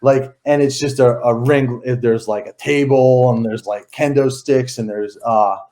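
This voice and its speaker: A man's voice: mid-range voice, steady tone, unhurried, warm tone. A man in his thirties, an interview guest, telling stories in a rambling casual way with many fillers and restarts.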